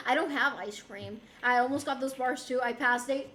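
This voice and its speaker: A woman's voice: high voice, normal speed, sharp tone. A woman from Rico, chatting casually with her stream viewers and laughing often as she switches between English and Spanish. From Puerto Rico. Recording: roomy with faint background noise.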